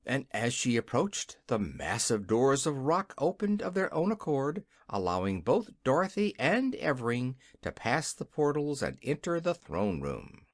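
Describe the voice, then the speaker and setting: An audiobook narrator reading a children's fantasy story in an expressive, scripted style. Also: mid-range voice, unhurried, hardly any pauses, no echo.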